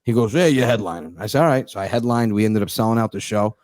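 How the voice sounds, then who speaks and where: A young man, a comedian guest, telling stories in casual chat, animated and profane, acting out what other people said. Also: on the low side, quick pace.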